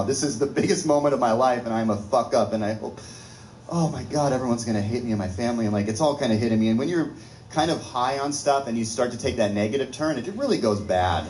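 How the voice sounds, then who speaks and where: Animated male comedian, echoey room. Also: mid-range voice, fairly quick, slight background noise. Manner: animated, laughs through his own story. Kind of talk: storytelling stand-up set.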